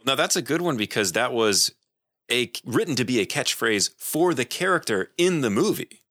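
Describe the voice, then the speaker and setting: A man's voice: medium pitch, normal speed, no room sound, studio quality. A man in a casual chat, telling an anecdote with energy and acting out the people in it. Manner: animated anecdote-telling with voiced quotes.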